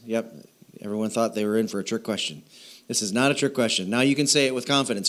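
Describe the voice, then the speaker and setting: A man's voice: lowish voice, fairly even intonation, fast talker, fairly bright tone. A man preaching a sermon in a chatty way, with laughing asides and questions to his listeners. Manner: asks the audience questions. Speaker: pastor.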